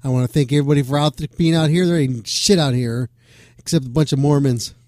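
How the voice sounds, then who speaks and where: A man's voice: medium pitch, fairly even intonation, fast, warm tone, no echo, clean studio sound. A man hosting a rock radio show, talking casually with loose jokes and swearing. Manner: loose, swearing, joking asides. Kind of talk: casual rambling radio talk.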